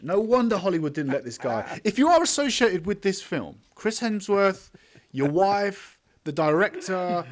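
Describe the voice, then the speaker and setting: A man hosting a podcast, reviewing a film in a blunt, sweary, scathing way and laughing often as his co-hosts interrupt. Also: mid-range voice. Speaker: podcast host. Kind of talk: casual film review chat.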